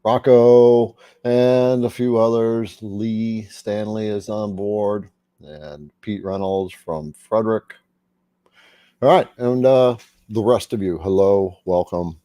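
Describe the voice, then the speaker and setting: A man's voice: fairly low pitch, steady tone, takes it slowly, dark tone, dry recording. A man hosting a casual livestream, chatting and greeting viewers by name. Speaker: livestream host.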